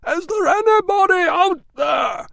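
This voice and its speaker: A man voicing a panicked man trapped in a burning hut, shouting frantically in a strained high voice. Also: animated, a little slow, vocal fry, no echo, exaggerated voice. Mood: terrified.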